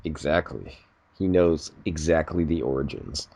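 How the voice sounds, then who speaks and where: Very deep-voiced man with dry quips. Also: big pitch swings, a little slow, creaky, a little mellow, breathy edge. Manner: dry teasing quips, laughs often. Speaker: podcast co-host. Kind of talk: casual chat.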